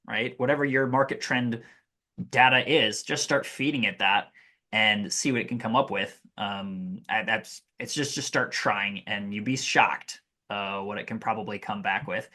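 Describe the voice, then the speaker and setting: A man talking as a podcast guest, explaining business uses of AI in an energetic, casual way. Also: mid-range voice. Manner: energetic, explanatory, lots of fillers. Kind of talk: casual interview chat.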